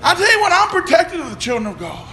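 A man preaching a sermon, swinging between shouts and hushed tones. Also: extremely high pitch, wildly swooping pitch, fast. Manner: shouts and drops to a hush, preacher cadence. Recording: echoey room with faint noise.

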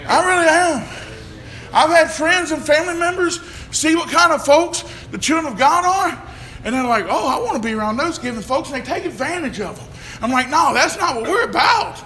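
A man preaching a sermon, swinging between shouts and hushed tones. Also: extremely high pitch, expressive, moderate pace. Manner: shouts and drops to a hush, preacher cadence. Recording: echoey room with faint noise.

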